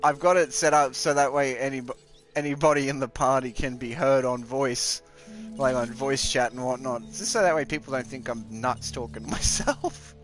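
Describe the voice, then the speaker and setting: A man's voice: mid-range voice, moderate pace, soft background music. A man, chatting casually and rambling while live-streaming a game at home. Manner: rambling, chatty, talks aside to family.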